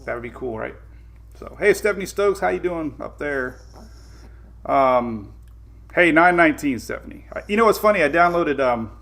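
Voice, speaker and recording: A man's voice: medium pitch, fairly bright tone. A man with a Southern US accent hosting a casual weather live stream, rambling and greeting viewers by name. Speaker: weather show host.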